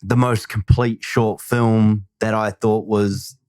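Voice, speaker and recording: A man's voice: lowish voice, flat delivery, slow pace, a little mellow, clean tone, dry recording, clean studio sound. A man hosting a podcast, chatting loosely and enthusiastically, swearing freely. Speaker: podcast host. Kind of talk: casual chat.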